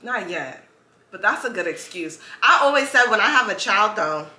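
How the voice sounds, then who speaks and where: Bright-voiced young woman, New York accent, candid host in an echoey room. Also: mid-range voice, expressive, moderate pace. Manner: laughs often, chatty and candid. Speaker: podcast host. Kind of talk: casual chat.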